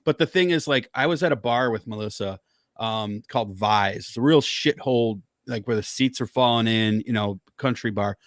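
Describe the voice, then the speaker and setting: A man's voice: fairly low pitch, moderate pace, no room sound, clean studio sound. A man on a podcast, telling a story in heated, profane casual chat.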